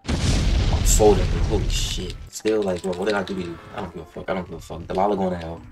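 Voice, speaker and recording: A young man hosting casual gameplay commentary, excitable and profane, rambling and saying "bro" constantly. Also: low-pitched, fast talker, music in the background. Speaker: gaming channel host.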